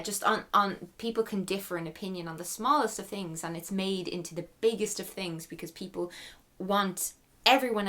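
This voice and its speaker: Give me a young Irish woman with a slightly low voice answering viewer questions in a chatty, open way. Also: fairly bright tone. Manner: chatty, frank and emotional, laughs often. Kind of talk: casual Q&A chat.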